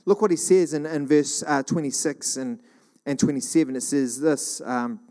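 Animated conversational male preacher. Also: fairly high pitch, normal speed. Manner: conversational, animated, many restarts. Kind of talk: sermon.

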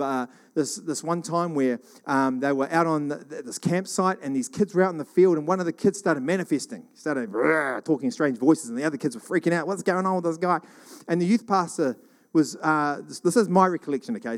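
Fast-talking middle-aged man telling stories. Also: fairly high pitch. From New Zealand. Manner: rambling, animated, acts out quoted voices. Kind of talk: casual storytelling monologue.

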